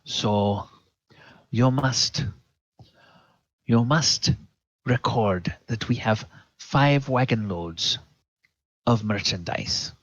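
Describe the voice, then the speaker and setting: A man voicing a haughty, demanding female dragonborn merchant with a thick accent, speaking in a measured, insistent way. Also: medium pitch, fairly bright tone, no room sound, muffled recording.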